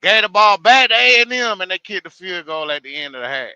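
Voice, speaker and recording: A man co-hosting a casual sports reaction chat, telling the game's story in animated, slangy talk. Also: high-pitched, brisk, smooth, dry recording, dull audio.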